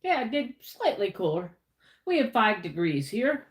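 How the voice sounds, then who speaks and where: With a very animated delivery at normal speed, this woman's medium-pitched voice carries a roomy sound. She's a livestream host from the United States, greeting viewers by name and talking about her week in a casual live chat.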